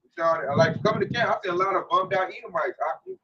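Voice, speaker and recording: High bright-voiced guy preaching casual, slangy and punchy, dull muffled sound. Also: quick pace, recorded from a distance, a little hiss or hum. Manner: slangy, emphatic, animated. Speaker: religious discussion leader. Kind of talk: casual religious commentary.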